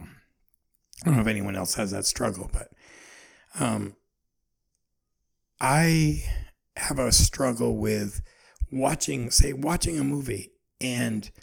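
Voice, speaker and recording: Gravelly man in his forties musing. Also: mid-range voice. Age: 40s. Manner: rambling, earnest, self-searching. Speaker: podcast host. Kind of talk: personal reflective monologue.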